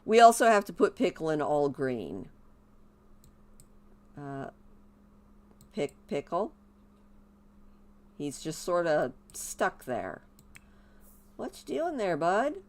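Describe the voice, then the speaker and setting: Brief: playful woman game commentator, lively pitch, relaxed slow delivery. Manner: chatty and playful, gushing over the game's babies. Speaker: gameplay commentator.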